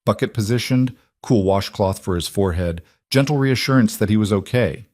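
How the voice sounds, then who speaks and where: A man narrating a scripted drama story in an even, measured way. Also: on the low side, dry recording.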